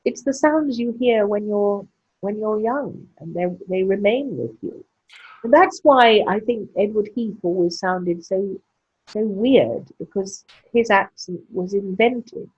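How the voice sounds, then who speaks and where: A woman's voice: medium pitch, a little slow, a little mellow, slightly rough. An older woman with a posh English accent and very precise diction, speaking frankly in an interview. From England. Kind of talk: conversational interview. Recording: muffled lo-fi sound.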